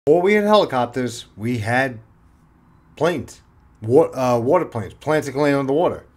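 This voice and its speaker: A man, a former police officer, telling a story in a casual, animated way and swearing freely. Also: medium pitch, moderate pace. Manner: animated, swears freely, acts out his own panic.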